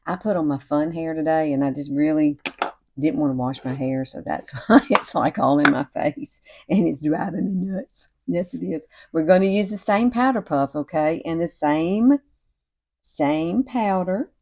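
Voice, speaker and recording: A woman, chatting warmly and encouragingly through a makeup tutorial at home. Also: deep voice, normal speed. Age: 60s. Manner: chatty and encouraging, often says y'all and girl. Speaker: beauty vlogger. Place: home at night with cicadas outside.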